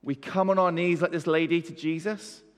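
A man's voice: on the high side, steady tone, moderate pace. A man preaching a sermon, pressing his points with rhetorical questions and repetition. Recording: long hall reverb.

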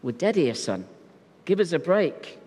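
A man preaching voices a group of exhausted women hikers who complain fast and crossly. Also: fairly high pitch, very animated, darkish tone, in a large hall. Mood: exasperated. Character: grumbling worn-out women hikers.

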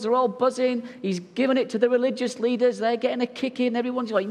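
A man's voice: very high voice, steady tone, fast talker, few pauses. Storytelling male pastor in an echoing church. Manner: storytelling, jokey and conversational. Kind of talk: sermon. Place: church sanctuary.

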